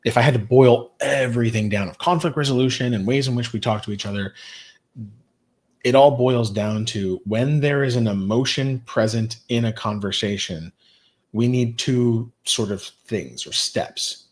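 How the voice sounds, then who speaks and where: A man who co-founded a youth program, explaining ideas as a guest in an animated way with lots of "like" asides. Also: medium pitch, moderate pace. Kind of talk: podcast interview.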